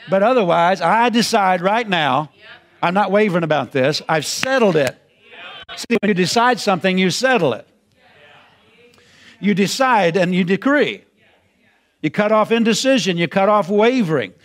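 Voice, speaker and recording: A man preaching with a high voice. He talks in a folksy, repeating style and climbs toward ringing, shouted emphasis. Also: lively intonation, unhurried. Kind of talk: sermon.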